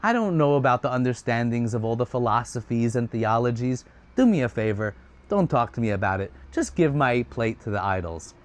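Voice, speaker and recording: A man's voice: mid-range voice, animated, a little fast, close to an everyday voice. A poor older woman chats at length about her offerings and brushes off hard questions. She sounds humble and a little self-deprecating, voiced plainly by a male storyteller. The delivery stays close to a normal speaking voice. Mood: chatty.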